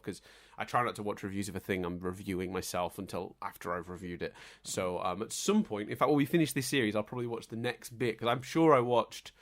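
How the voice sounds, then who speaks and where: A man co-hosts a podcast in relaxed, rambling chat. He often restarts his sentences and fills them with ums. His voice sits at a middle pitch and he teases his co-host. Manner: chatty, self-interrupting, many ums and restarts.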